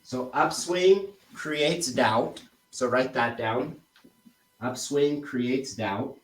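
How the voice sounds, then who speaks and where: A man talking through sales scripts with a trainee in a relaxed, conversational way. He speaks at an ordinary middle pitch. The recording sounds roomy, with a noticeable echo. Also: very slow, distant mic, slight background noise. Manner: relaxed, demonstrates tone with example phrases. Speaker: sales coach. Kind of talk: casual one-on-one coaching.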